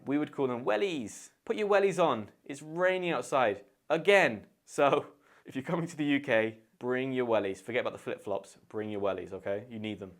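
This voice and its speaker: A man with a British accent explaining English words in a chatty, playful way as an English teacher. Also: mid-range voice.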